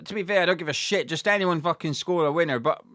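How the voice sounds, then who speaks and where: A man doing live fan commentary on a match, sweary and excitable, talking straight to his viewers. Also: on the high side, fast, no room sound, clean studio sound. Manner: sweary and excitable, shouting at goals.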